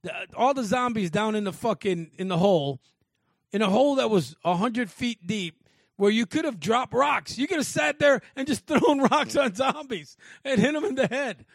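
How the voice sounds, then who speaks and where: Casual male podcast co-host, high voice, dry close sound, loose and profane. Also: expressive, normal speed, vocal fry, no room sound. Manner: loose, swearing, laughing often. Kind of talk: casual chat.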